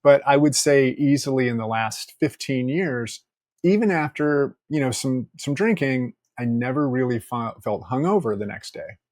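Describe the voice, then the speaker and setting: Podcast guest, male, middle pitch, lively storyteller, dry close mic. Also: normal speed, no room sound. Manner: animated storyteller, laughs often, acts out quotes. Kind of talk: casual interview storytelling.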